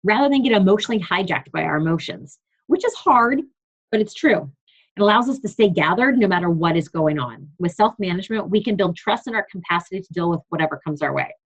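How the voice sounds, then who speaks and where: A woman's voice: on the low side, lively intonation, fast, slightly rough, lo-fi sound. A young adult woman coach giving an earnest, emphatic motivational talk on a team call, reading from her notes. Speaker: fitness business coach leading a team call.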